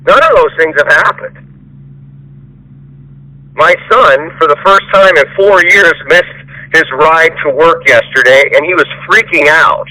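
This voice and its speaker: A man's voice: a little high, unhurried, pauses often, bright, forceful tone, dry recording. A man on a recorded phone call, lecturing the person who works for him in an angry, profane rant. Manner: profane, ranting, mocks the listener in whiny voices. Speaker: employer.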